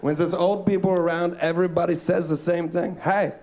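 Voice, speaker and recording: A man's voice: high voice, level tone, a little fast, darkish tone. A male stand-up comedian telling crude, wry jokes on stage, slipping into put-on voices. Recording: noisy live club recording. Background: audience laughter.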